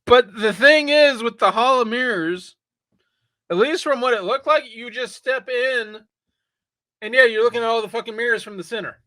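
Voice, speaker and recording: A man's voice: very high voice, moderate pace, bright, forceful tone, no echo. A man co-hosting a podcast, chatting animatedly about a film, swearing and laughing often. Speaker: podcast co-host. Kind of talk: casual movie review chat.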